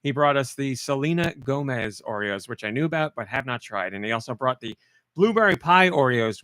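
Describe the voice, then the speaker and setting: A man's voice: mid-range voice, a bit bright, no room sound. Male podcast host, casual and joking, dry close mic. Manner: playful, reads chat comments aloud while eating.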